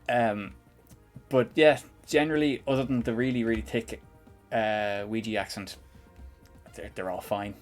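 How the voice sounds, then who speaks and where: A man's voice: lowish voice, steady tone, a little slow, soft background music. A man with a Northern Irish accent, streaming a live coding tutorial and chatting in a rambling, chuckling way. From Northern Ireland. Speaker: programming streamer.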